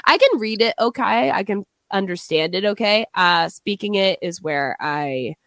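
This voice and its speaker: A young woman co-hosts a podcast, chatting casually, laughing often, and swearing as she tells stories. Her medium-pitched voice is fairly bright with lively intonation at a normal pace, on a dry, clean studio recording.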